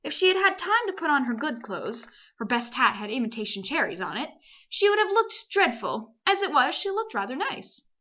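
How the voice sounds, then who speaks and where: A woman from Canada reading a children's novel aloud in a lively, expressive way. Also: sits high, moderate pace, muffled recording. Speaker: amateur audiobook reader. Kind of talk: storybook narration.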